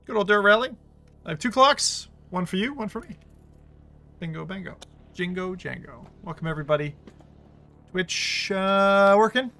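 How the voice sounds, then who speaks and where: A man streaming a VR racing game, talking casually, excitable and swearing freely. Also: sits high, normal speed, vocal fry, long pauses. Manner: excitable, swearing, laughing a lot. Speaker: VR gaming streamer. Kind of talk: casual live-stream commentary.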